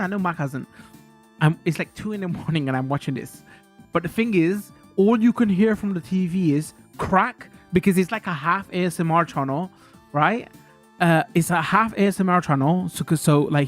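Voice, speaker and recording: A man chatting casually on a live stream, telling rambling stories full of slang and laughter. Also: sits high.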